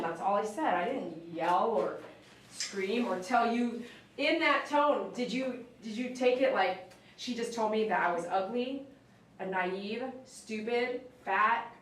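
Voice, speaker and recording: A woman's voice: a little high, unhurried, slight background noise. A woman dog groomer chatting casually on a live stream as she works, coaxing the dog in a sing-song voice. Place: grooming room. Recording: very echoey room, mic at a distance.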